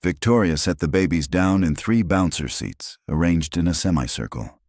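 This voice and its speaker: Male story narrator, very deep voice, lively delivery, dry sound. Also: normal speed, dry recording.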